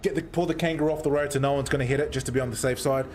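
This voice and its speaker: A man's voice: mid-range voice, very fast, soft background music. Sweary man telling a story. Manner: animated, heavy swearing. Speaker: streamer. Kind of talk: casual storytelling.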